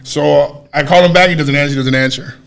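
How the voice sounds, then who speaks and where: Higher-voiced man telling a wild story. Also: fairly quick, gravelly. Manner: animated, swears freely, acts out quoted dialogue. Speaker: podcast co-host. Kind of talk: casual storytelling.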